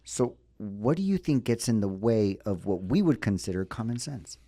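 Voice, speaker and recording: Low-voiced man, dry close sound. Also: big pitch swings, moderate pace, mellow, dry recording. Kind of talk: interview questions.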